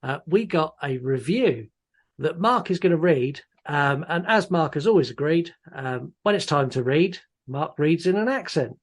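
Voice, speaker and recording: Male podcast host, fairly high voice, blunt, swears in casual film chat. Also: animated, normal speed. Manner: blunt and swears freely, with many "um"s. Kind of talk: casual chat about films.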